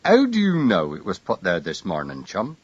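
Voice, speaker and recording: A man voicing a big, genial country police officer who talks in a slow, amused drawl. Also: low-pitched, huge pitch swings, husky, no room sound, highs cut off, heavily acted.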